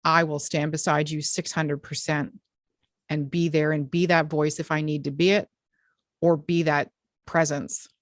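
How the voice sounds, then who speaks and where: A woman's voice: deep voice, flat delivery, measured pace, no room sound, studio quality. A woman hosting a podcast, talking in a frank, direct and emphatic way in candid conversation. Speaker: podcast host.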